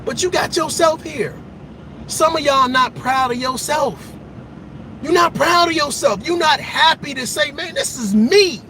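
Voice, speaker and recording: A man delivering an impassioned motivational speech to his viewers. He talks in a preachy, repetitive way and keeps breaking into emphatic shouts. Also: extremely high pitch, a little slow, background noise. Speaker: motivational vlogger.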